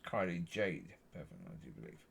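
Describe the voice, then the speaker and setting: Man, low and gravelly, husky tone, lively pitch swings, meandering faith vlog monologue. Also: normal speed, a little hiss or hum. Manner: meandering, repeats himself, frequent self-corrections. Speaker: Christian vlogger. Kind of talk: rambling personal testimony.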